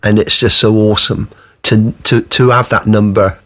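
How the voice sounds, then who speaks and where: Halting man telling his story. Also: on the low side, steady tone, a bit bright. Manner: halting, many restarts. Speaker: guest sharing life story. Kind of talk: personal testimony.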